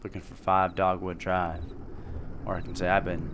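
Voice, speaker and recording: A man casually narrating a video game playthrough, reading its text aloud in a loose, halting, self-deprecating way. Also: low voice, little pitch movement, background noise. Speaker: gameplay host.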